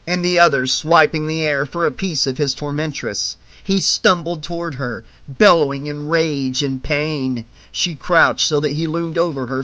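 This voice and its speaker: A man's voice: fairly high pitch, fairly bright tone, no room sound, lo-fi sound. Suspenseful male audiobook narrator. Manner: measured, suspenseful, slows for tense moments.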